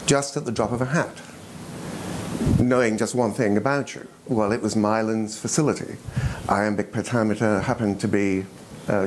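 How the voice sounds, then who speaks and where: A man with a low voice speaks as a roundtable panelist, measured and halting, pausing often to gather his thoughts. A faint hiss sits under his words. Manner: measured, hesitant with many uhs. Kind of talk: roundtable discussion.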